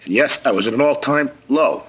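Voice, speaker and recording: An older man giving formal testimony in a slow, measured way, as if reading a prepared statement. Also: medium pitch, a bit bright, slightly rough, lo-fi sound. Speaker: testifying witness.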